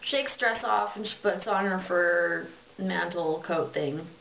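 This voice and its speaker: A woman's voice: on the low side, slow pace, gravelly, slight background noise. A young woman casually retelling a fairy tale, chatty and irreverent, swearing and using many fillers. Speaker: storyteller. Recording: roomy, dull lo-fi home recording.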